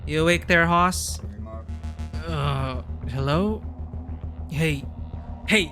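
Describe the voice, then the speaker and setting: A man's voice: a little high, drawn-out words, pushed and bright, soft background music, exaggerated voice. A man voicing a desperate, grasping cowboy outlaw with a Western drawl. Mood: frantic. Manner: Western drawl, pleading and accusing.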